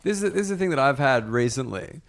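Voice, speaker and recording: A man's voice: mid-range voice, animated, fast, creaky. An Australian man hosting a podcast, chatty and laughing easily, with lots of fillers. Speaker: podcast host. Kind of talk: casual podcast chat.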